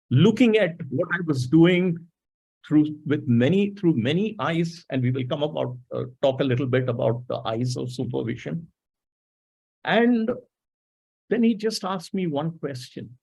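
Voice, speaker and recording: A man's voice: fairly high pitch, gravelly, darkish tone, breathy edge, low-quality recording. A middle-aged man speaking in a webinar talk, telling a coaching story in a reflective way and acting out the lines of the people in it. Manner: reflective, acts out quoted dialogue.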